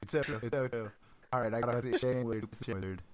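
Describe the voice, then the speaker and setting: A man's voice: mid-range voice, rapid-fire. A man co-hosting a casual podcast chat, enthusiastic and chatty, laughing along. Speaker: podcast co-host.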